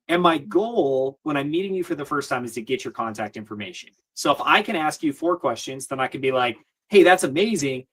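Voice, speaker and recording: A man's voice: medium pitch, expressive, fairly quick, few pauses, fairly bright tone, husky. A man as an interview guest, giving advice in a confident coaching manner and repeating his key points.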